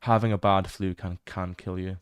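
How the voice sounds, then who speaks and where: With a deep, clear, resonant voice, fairly even intonation and normal speed, this man sounds like he's in a clean studio with no echo. He's livestreaming a horror game, chatting casually as he explores, often laughing and sometimes swearing.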